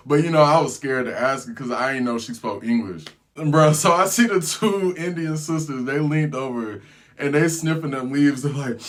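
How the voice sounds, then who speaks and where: A man telling a storytime vlog in a casual, slangy way. He tells it with animated energy and breaks into laughter. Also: a little high, moderate pace. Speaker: travel vlogger.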